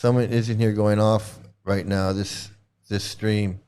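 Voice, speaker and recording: A man's voice: lowish voice, little pitch movement, a little slow, darkish tone, clear, resonant tone. Indignant man ranting on a livestream. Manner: indignant, mocking rant with repetitions. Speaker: livestream host. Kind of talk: casual livestream commentary.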